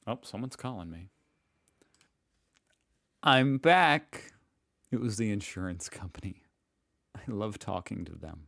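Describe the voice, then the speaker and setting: Brief: American man reacting on camera, very low voice, dry close sound, loose and self-mocking. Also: a little fast, gravelly, a little mellow, no echo. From United States. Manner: rambling, joking and self-mocking. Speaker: reaction video host. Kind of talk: casual reaction commentary.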